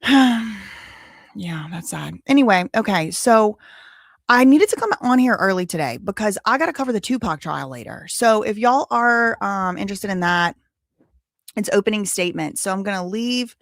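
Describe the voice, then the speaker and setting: A woman's voice: medium pitch, animated, normal speed, dry recording, studio quality. A woman in her thirties chatting casually with viewers on her livestream, rambling with many fillers. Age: 30s. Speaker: livestream host. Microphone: desk microphone with headphones.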